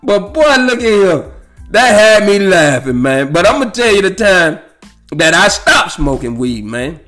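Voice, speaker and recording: A man's voice: high-pitched, very animated, unhurried, fairly bright tone, soft background music. A man hosting a podcast who tells casual, profane, rambling stories, laughs at his own jokes and keeps checking in with "you know what I'm saying.". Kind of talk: casual storytelling monologue.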